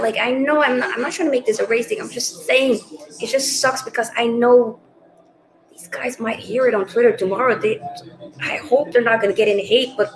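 A woman's voice: on the high side, echoey room, poor audio. A woman hosting a live watch-along of a match, emotional and thinking aloud as she talks straight to her viewers. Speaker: host.

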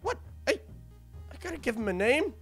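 An Irish man, a gaming YouTuber, talking excitably with many fillers in a playful game role-play. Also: very high-pitched, breathy edge, soft background music. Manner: excitable, quick, full of fillers.

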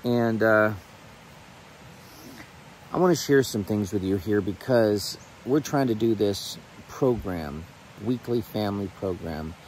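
A middle-aged man speaking outdoors on rural land, praying and then talking to his viewers in an earnest, emotional way with pauses and restarts. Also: fairly low pitch, a little mellow, a little hiss or hum, rough recording. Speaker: channel host. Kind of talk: heartfelt prayer and casual talk to camera.

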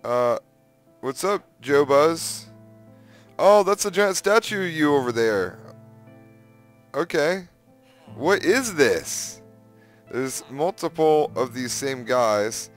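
A young man giving casual, excitable gameplay commentary, exclaiming and humming to himself. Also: a little high, takes it slowly, pauses often, faint music behind. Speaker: gaming youtuber.

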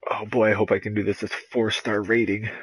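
A man's voice: fairly low pitch, flat delivery, a little fast, husky, no room sound. A young man streaming a video game, chatting casually, swearing now and then, and reading game dialogue aloud. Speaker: gaming streamer. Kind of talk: casual gameplay commentary.

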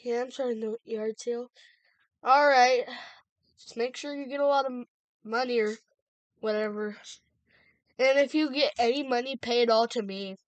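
A woman acting out a toy game, speaking haltingly with many fillers. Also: on the high side, no echo.

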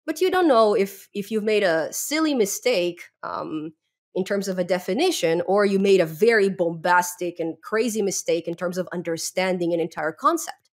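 A young adult woman with a non-native English accent, chatting as a podcast guest, lively and laughing often between fillers. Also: lowish voice, moderate pace. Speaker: podcast guest, Python educator. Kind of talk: casual interview chat.

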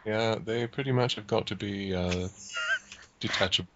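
A man joining a comedic fan fiction reading as guest, throwing in incredulous, joking remarks and laughing loudly. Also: fairly low pitch, normal speed, no echo, highs cut off. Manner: animated, incredulous quips with big laughs. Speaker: guest co-reader. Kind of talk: comedic commentary.

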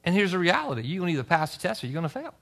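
Male pastor preaching a church sermon; bright, high, very lively voice with scripture readings and asides. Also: very fast. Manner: animated preaching, reads scripture aloud with asides. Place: church service.

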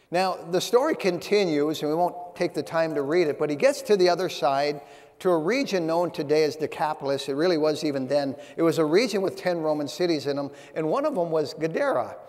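A man's voice: a little high, a little mellow. A man preaching a sermon as pastor, reading scripture and telling stories in a folksy way. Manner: storytelling preacher, reads scripture in old-fashioned phrasing. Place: church sanctuary. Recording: long church hall reverb.

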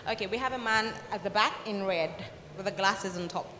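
A woman's voice: mid-range voice, a little fast, sharp tone, slight background noise. A woman from Nigeria hosting a live event onstage, teasing and playful as she addresses the guest and the audience. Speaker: event host. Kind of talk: lively stage hosting. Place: large event hall. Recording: echoey hall, faint crowd.

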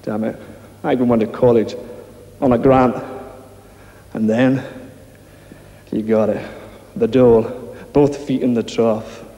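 A man's voice: medium pitch, steady tone, unhurried, warm tone, echoey room, big-room sound, muffled recording, close to an everyday voice. An actor playing a male sinner confessing in a manic, comic babble in a sketch comedy.

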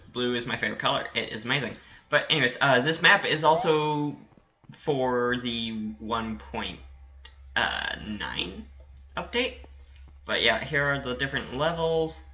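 A man's voice: mid-range voice, sharp tone, highs cut off. A man giving casual commentary while playing a game, rambling with many fillers and giggling and squealing with delight. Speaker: gaming channel host.

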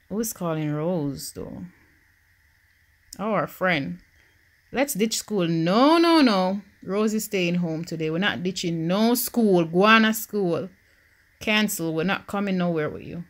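A young woman from Jamaica with a Jamaican accent, giving casual commentary while playing a life-simulation game, swinging from hushed worry to loud excitement. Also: on the low side. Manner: animated, swings from quiet worry to loud joy. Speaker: gaming YouTuber. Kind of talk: Sims let's-play commentary.

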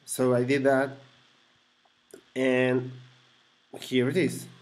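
A man's voice: mid-range voice, monotone, extremely slow, a little mellow. A man speaking English as a second language, casually walking through a computer project with many fillers and self-corrections. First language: not English. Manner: chuckles to himself now and then. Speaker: hobbyist explaining a computer project. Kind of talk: casual screen-recorded walkthrough.

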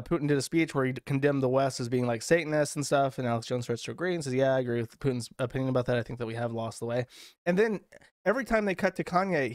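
A man's voice: fairly high pitch, dry recording, studio quality. A man hosting a show, ranting over video clips in an exasperated, profane way. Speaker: host.

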